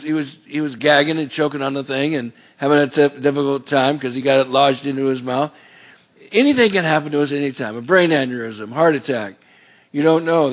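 Folksy higher-voiced male pastor preaching. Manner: folksy, digressive, with asides and repeated words. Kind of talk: sermon.

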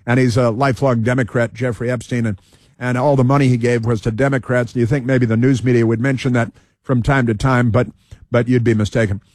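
A man's voice: medium pitch, fairly even intonation, brisk, darkish tone, no room sound, studio quality. A man hosting political commentary, reading news aloud with sarcastic asides, fillers and restarts.

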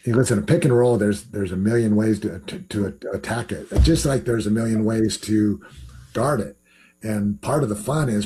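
A man, a former pro basketball player, telling stories in a relaxed interview and repeating words as he thinks. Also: fairly low pitch, slightly rough. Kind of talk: casual interview talk.

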